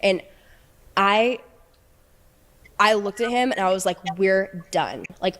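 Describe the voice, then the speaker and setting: A young woman with a mid-range voice gives an emotional personal account. She talks in a halting, earnest way, often restarting her sentences. Her tone stays subdued as she recounts what happened. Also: mid-range voice, fairly bright tone. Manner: halting, many restarts and fillers. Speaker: interviewee recounting a relationship.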